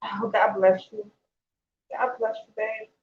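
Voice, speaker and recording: A woman's voice: medium pitch, level tone, measured pace, highs cut off. A woman chatting casually straight to her viewers on a livestream, in a talkative, emotional way. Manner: chatty, talks straight to viewers, emotional and tearful when reading good news. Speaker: vlogger.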